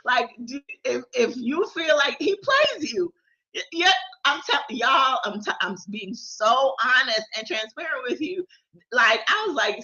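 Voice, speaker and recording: A woman talks straight into her livestream camera in a loose, devotional chat. Her voice is bright and forceful, and she is candid, often tripping over and repeating her words. The sound is dull and lo-fi. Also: fairly high pitch, sing-song, unhurried. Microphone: camera or phone livestream.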